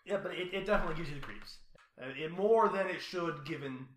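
A man's voice: a little high, quick pace, a bit bright, reverberant, slight background noise. A man running a tabletop role-playing game as game master, talking casually and wryly with many restarts. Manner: rambling, restarts, wry.

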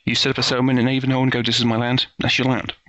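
A man's voice: medium pitch, monotone, very fast, a bit bright, no echo. A man acting as game master over a voice call, explaining the setting at length with many fillers and restarts. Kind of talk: casual tabletop game narration. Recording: lo-fi voice call audio.

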